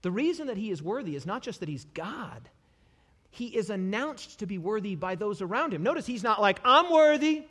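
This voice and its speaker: A male preacher giving a sermon to a live congregation, animated and repetitive, dropping humorous asides. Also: sits high, brisk, breathy edge. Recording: long hall reverb.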